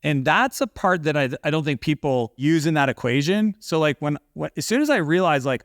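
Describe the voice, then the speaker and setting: A man's voice: a little high, expressive, brisk, hardly any pauses, no echo, studio quality. A man, a business-owning guest on a podcast, talking earnestly and reflectively with frequent fillers. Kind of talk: casual interview talk.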